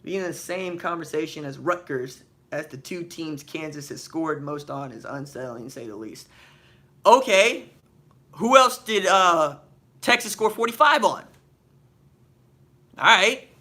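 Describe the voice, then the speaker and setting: A man hosting a live stream, reading viewer questions from the chat aloud and answering them with slangy, animated banter and rapid rhetorical questions. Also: fairly high pitch. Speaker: podcast host.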